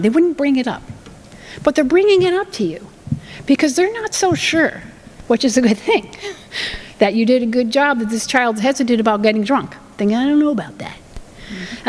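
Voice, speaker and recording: A woman's voice: sits high, long reverb tail, poor audio. A woman giving a talk on family communication in a conversational way, acting out what parents and children say. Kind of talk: presentation with acted examples.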